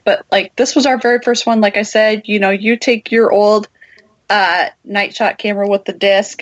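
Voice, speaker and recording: A woman's voice: medium pitch, no echo. A woman hosts a casual chat, her voice close and dry with no room around it. She talks in a chatty, rambling way, full of "like" and "you know.". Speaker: podcast host.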